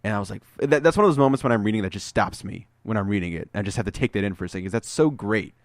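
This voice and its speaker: Guy on a podcast, talks super fast, lowish voice, acts out comic scenes. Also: no echo. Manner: animated storyteller acting out comic scenes. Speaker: podcast co-host. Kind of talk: casual chat.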